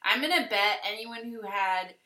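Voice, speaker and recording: Playful woman host, bright lively voice, echoey room. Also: mid-range voice, moderate pace, far from the mic. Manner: playful, teasing. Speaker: podcast co-host. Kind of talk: casual chat about a film. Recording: roomy, a bit off-mic.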